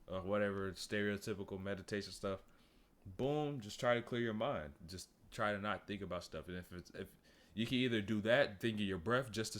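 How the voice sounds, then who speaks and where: A fairly low-pitched man with talks loosely over a clip on his stream. His delivery is relaxed and rambling, and he often stops to talk to his chat. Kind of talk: casual stream commentary.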